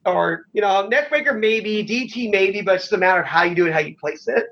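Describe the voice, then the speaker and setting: High-voiced man rambling through war stories. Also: brisk, a bit bright. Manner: rambling, filler-heavy, swears freely. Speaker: former pro wrestler, guest. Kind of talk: casual storytelling. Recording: dull lo-fi sound.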